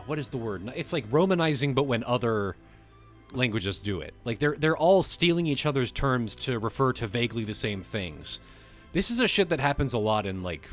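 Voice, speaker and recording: A man hosting a livestream, reading a text aloud and breaking off to riff on it casually, swearing now and then. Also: on the low side. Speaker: livestream host.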